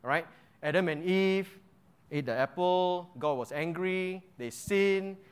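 High-voiced man teaching a Bible class. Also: unhurried, clean tone. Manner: quizzes the audience with frequent "right?" checks; repeats key phrases for emphasis. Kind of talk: interactive Bible lesson.

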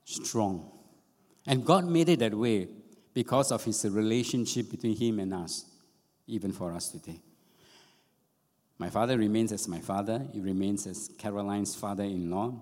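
A man's voice: fairly low pitch, normal speed, pauses often, darkish tone. A middle-aged man, preaching a sermon in an earnest way and repeating phrases for emphasis. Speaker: pastor. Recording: long reverb of a hall.

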